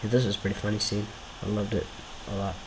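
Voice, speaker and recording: A man's voice: on the low side, flat delivery, quick pace, background noise. A man giving casual, rambling commentary over his own homemade video series, often apologetic and self-deprecating.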